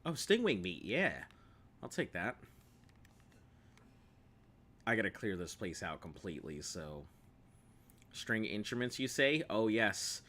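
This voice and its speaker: A man talks through his gameplay stream, cracking jokes with viewers and laughing often. His voice sits lowish yet comes across bright and forward. His delivery stays loose and playful. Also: very animated, unhurried. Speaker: game streamer. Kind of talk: gameplay commentary chatting with viewers.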